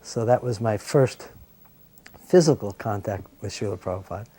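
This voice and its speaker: Soft-spoken man recalling a memory. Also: fairly low pitch, normal speed, husky, no echo. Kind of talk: reflective recollection.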